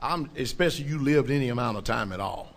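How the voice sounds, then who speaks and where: A man's voice: medium pitch, expressive, fast, soft background music. A man, a pastor, preaching a sermon in an emphatic, colloquial way and checking in often with his congregation. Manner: colloquial, informal speech.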